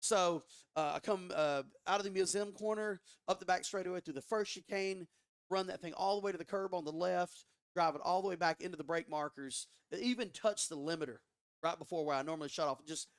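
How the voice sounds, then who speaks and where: A man guest on a podcast telling a story in a casual, animated way, swearing often and restarting his sentences. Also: high-pitched, fairly quick, smooth, dry recording, clean studio sound. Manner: animated, profane, frequent restarts. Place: studio.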